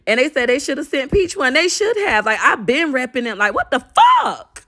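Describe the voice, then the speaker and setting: A woman's voice: high-pitched, wildly swooping pitch, moderate pace, sharp tone. A woman content creator ranting in a casual vlog, talking straight to her followers, profane and repeating herself when upset. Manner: addresses her followers directly.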